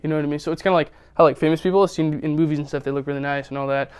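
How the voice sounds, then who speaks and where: A young man muses aloud in a loose, rambling way, filling pauses with fillers and heavy sighs between lifts. His voice sits a little high, and he sounds like he's working out in a home gym. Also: steady tone, a little mellow. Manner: rambling, many fillers, breathy strained sighs between reps. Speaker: vlogger filming his workout. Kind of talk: casual rambling monologue while lifting.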